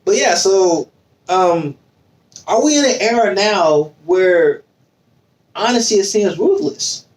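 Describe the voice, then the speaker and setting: Podcast host, male, high voice, loose joking storyteller. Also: animated, slow, pauses often. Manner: laughs often, joking storyteller. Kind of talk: casual podcast chat.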